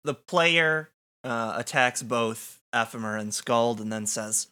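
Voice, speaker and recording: A man in casual chat about a video game who recaps the story in an animated way. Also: medium pitch, slow, clear, resonant tone.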